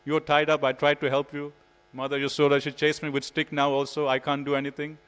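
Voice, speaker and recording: A man's voice: on the high side, monotone, brisk, a bit bright, clean tone, lightly acted. A man voicing the boy Balram as a protective elder brother who scolds and boasts, in a reverberant temple hall. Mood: chiding. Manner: scolding, exclaiming.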